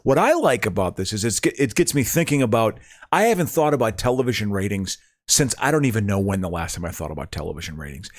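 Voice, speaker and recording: A man's voice: fairly low pitch, big pitch swings, fast, hardly any pauses, no echo, studio quality. A man co-hosting a podcast in casual chat, rambling and self-mocking as he explains a show. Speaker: podcast co-host.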